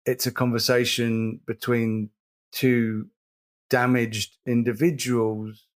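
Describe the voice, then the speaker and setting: On a casual podcast he co-hosts, a man talks slowly and earnestly, his voice sitting in the mid range. Repetition is his way of emphasizing what matters.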